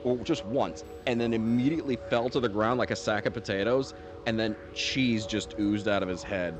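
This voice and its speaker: Deep-voiced, rambling male gaming streamer. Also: normal speed. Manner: rambling, laughing storyteller. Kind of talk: casual gameplay commentary. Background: game music.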